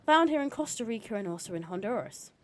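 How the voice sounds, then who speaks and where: A woman reading the lines of a friendly, soft-spoken male field biologist who reassures worried parents. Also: on the high side, very animated, fast talker, a little hiss or hum, pitched above the performer's own voice. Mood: reassuring.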